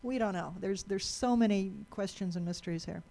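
Brief: woman speaker at a live talk, gravelly edge, mid pitch, chatty, restarts her words. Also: brisk, warm tone. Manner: asks the audience questions. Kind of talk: lecture to a live audience.

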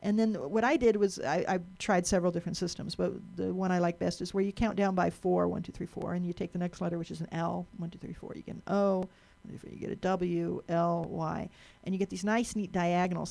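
A woman's voice: fairly low pitch, flat delivery, a little fast, vocal fry, dark tone. A woman giving a talk to a live audience, chatty, asking the room questions and often repeating and restarting words.

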